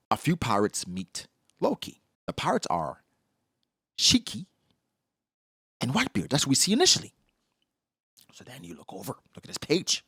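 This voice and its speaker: A man giving casual, slangy commentary on a comic chapter, acting out characters in quick asides. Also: mid-range voice, big pitch swings, fairly bright tone, no room sound, studio quality. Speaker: manga reaction host.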